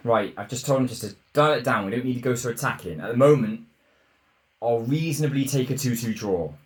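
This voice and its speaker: A man commentating live on his own football management game, swinging between muttered frustration and loud shouts at goals. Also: medium pitch, brisk. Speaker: gaming YouTuber.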